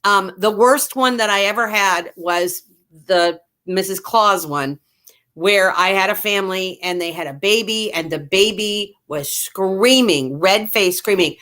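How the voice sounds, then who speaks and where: A woman who plays Mrs. Claus, telling stories in a casual chat and slowing down to stress her points. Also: mid-range voice. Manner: animated, slows to stress points. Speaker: Mrs. Claus performer, panel guest.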